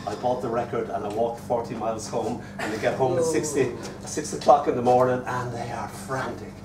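A man in his sixties with an Irish accent, a poet reading his work and telling stories at a live reading in a hotel, animated and often chuckling as he recites verse. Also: mid-range voice, brisk, a loud crowd. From Ireland. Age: 60s. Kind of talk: live poetry reading with storytelling. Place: hotel room at a poetry festival. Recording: echoey room, distant mic, noisy.

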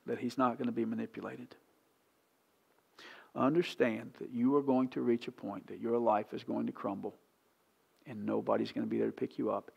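Gravelly-voiced man preaching a sermon. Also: mid-range voice. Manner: impassioned, pleading, swings from hushed to loud. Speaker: pastor. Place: church sanctuary.

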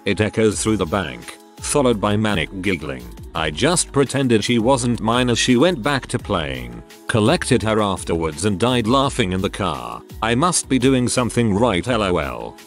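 A man's voice: on the low side, big pitch swings, moderate pace, faint music behind. A man narrating online stories in a scripted read, spelling out abbreviations letter by letter. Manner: reads text out literally, abbreviations spelled letter by letter.

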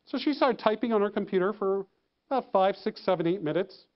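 A man telling a story to an audience, lively, acting out the phone calls he describes. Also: sits high, brisk, lo-fi sound. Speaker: keynote speaker. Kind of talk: storytelling talk.

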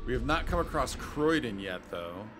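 A man's voice: mid-range voice, sing-song, moderate pace, over music. Rambling gaming YouTuber man. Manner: rambling, hesitant, chatty asides. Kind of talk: let's play commentary.

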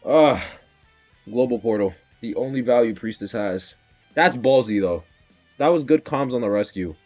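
A man streaming casual live commentary on a game match, excitable and swearing, bursting into loud shouts. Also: medium pitch, moderate pace, dull audio, soft background music.

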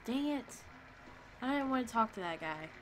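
A woman's voice: a little high, lively intonation, normal speed, slight background noise. A woman playing a video game and commenting casually, playful and sarcastic, reading her choices aloud. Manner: playful, sarcastic, reads dialogue options aloud. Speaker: let's play gamer.

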